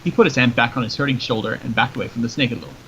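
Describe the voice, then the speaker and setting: A man narrates a story in a steady, descriptive way. His voice is bright and mid-pitched. The recording is dull and lo-fi, with faint background noise. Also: rapid-fire. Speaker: story reader.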